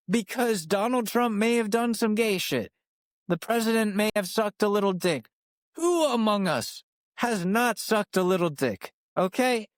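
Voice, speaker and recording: A man's voice: high voice, no echo, clean studio sound. Profane, incredulous male comedy ranter. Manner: incredulous, profane, exasperated ranting. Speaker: podcast host. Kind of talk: comedic rant monologue.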